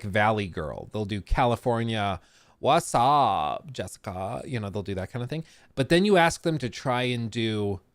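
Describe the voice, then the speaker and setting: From his basement desk, a man hosts a casual livestream, ranting sarcastically and mocking others by repeating their words in quoted voices. His voice is medium-pitched and a bit bright, with no echo.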